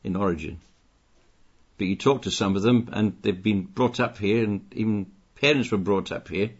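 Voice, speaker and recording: A man's voice: on the low side, normal speed, slightly rough. An older man preaching a sermon, stressing key points by repeating phrases and raising his voice on them. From Britain. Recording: dull lo-fi recording.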